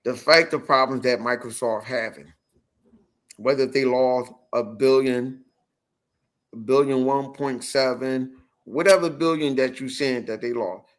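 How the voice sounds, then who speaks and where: A man's voice: mid-range voice, a little slow. A man hosting a podcast, telling a story in casual chat, swearing a lot and acting out what people said. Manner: animated storytelling, swearing, acts out quotes. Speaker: podcast host.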